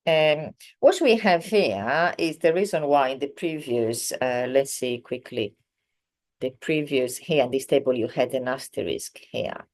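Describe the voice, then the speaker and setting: Low-voiced woman teaching language. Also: darkish tone. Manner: explains slowly with many fillers, acts out example sentences. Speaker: Italian teacher. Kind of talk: online language lesson.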